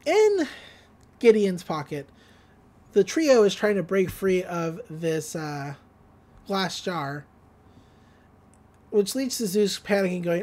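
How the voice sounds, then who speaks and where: A woman hosting a podcast, recapping an episode in a casual, rambling way with many fillers and quick laughs. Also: medium pitch, expressive, mellow. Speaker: podcast host.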